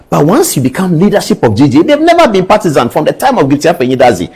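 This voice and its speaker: A Ghanaian man lectures with indignation, firing question after question. His husky voice sits fairly high and climbs sharply as he presses his point. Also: sing-song, very fast, few pauses, a little mellow, rough recording. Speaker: news commentator. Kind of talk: impassioned commentary.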